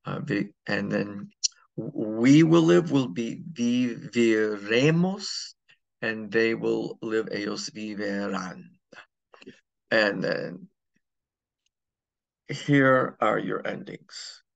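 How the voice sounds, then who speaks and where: Slow gravelly man teaching. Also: lowish voice, fairly even intonation, fairly bright tone. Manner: slow, repeats "okay?" to check understanding. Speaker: Spanish teacher. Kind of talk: classroom lesson.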